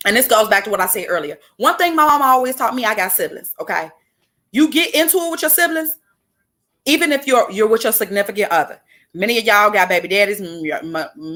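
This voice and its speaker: A woman's voice: medium pitch, fairly bright tone. A woman in her twenties from Chicago, hosting a casual spoken monologue and talking emphatically to her listeners, often checking in with "okay?". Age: 20s. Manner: emphatic, preachy, addresses listeners directly with repeated "okay?". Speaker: podcast host.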